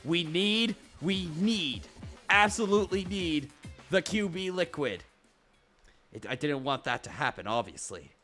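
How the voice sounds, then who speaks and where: A man's voice: a little high, unhurried, faint music behind. Man reading a game aloud on stream. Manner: animated, self-mocking, swears freely.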